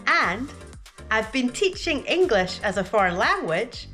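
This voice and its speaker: Woman teacher going over pronunciation real slow, careful on every word, voice goes up and down a lot, soft music behind. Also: fairly high pitch, sing-song. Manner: clear, careful enunciation of single words. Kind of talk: slow, deliberate teaching with pauses for repetition.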